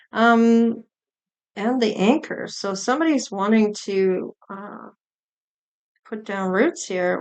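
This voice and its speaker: A woman tarot reader musing aloud in an unscripted psychic reading, meandering with fillers and small giggles. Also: mid-range voice.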